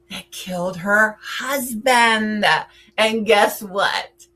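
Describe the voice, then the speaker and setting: Slow, bright-voiced woman reviewing horror films. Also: medium pitch, fairly even intonation. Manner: playful and chatty, with theatrical asides. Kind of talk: casual film countdown chat.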